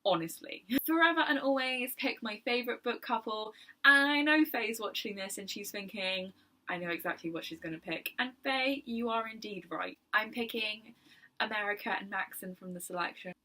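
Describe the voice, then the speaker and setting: A young woman chatting casually about books in her video, enthusiastic and quick to laugh. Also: a little high, sharp tone. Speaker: book vlogger. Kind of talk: casual chat.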